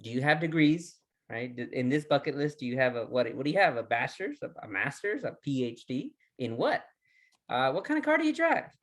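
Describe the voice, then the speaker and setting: A man teaching a recorded goal-setting lesson, full of energy. He fires off question after question, often restarting his words. His voice sits at a middle pitch. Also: sing-song, a little fast. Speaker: resilience trainer.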